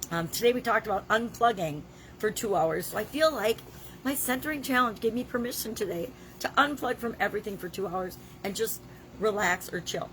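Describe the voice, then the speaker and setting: A woman in her sixties, talking casually in a daily video diary while she has a cold and a scratchy throat, chatty and emphatic with the odd cough. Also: mid-range voice. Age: 60s. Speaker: vlogger.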